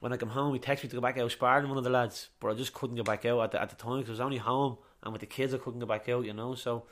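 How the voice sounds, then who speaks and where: A young Irish man, a boxer, telling stories in a casual interview, chatty and quick to swear. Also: medium pitch, steady tone, a bit bright. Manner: rapid, chatty, swears freely, repeats itself. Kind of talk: casual chat, storytelling.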